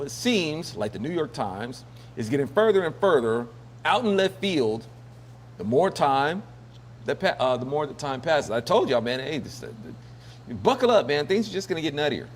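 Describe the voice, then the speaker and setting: A man's voice: medium pitch, slight background noise. A man hosting a casual news commentary show, rambling and joking with lots of fillers and laughs. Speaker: host.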